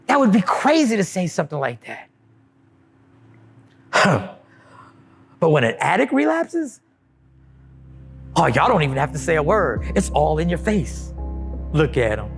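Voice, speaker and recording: Guy doing a standup bit, high voice that swings all over, faint music under it. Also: creaky, breathy edge. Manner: animated, mocking voices of others. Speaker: comedian. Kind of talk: stand-up style monologue.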